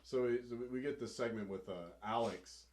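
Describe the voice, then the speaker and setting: Male co-host, mid pitch, laid-back film commentary. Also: steady tone, normal speed, a little mellow. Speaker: podcast co-host. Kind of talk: casual movie review chat.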